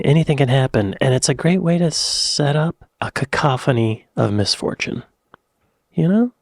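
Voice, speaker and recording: A man's voice: medium pitch, no echo, clean studio sound. An American man hosting a reaction video, reading film summaries aloud and adding casual remarks. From United States. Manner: reads summaries aloud, then remarks and chuckles.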